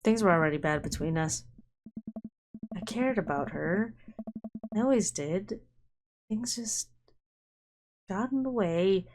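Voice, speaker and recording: A woman voicing a bitter, guilt-ridden middle-aged man in a dating game, in a low, subdued voice. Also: slow pace, pauses often, over music, close to an everyday voice. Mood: regretful. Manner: low, subdued, self-loathing confessions. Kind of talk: reading game dialogue aloud.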